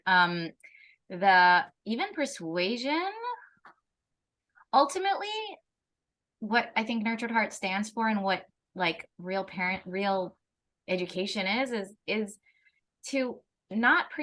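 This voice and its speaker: A woman's voice: mid-range voice, expressive, a little slow, fairly bright tone. A woman, a parenting educator, in a casual conversation, talking animatedly with frequent restarts and laughs.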